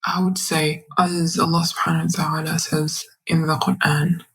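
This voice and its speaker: Breathy, flat-voiced woman telling her story. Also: low voice, poor audio. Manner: earnest and faith-filled, halting with restarts. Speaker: podcast guest. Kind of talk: personal story in an interview.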